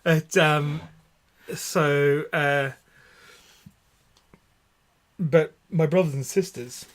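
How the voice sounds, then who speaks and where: A man in his forties from Australia with a light, posh Australian accent, chatting casually over drinks as host, halting with many restarts. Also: a little high, fairly even intonation. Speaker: vlog host.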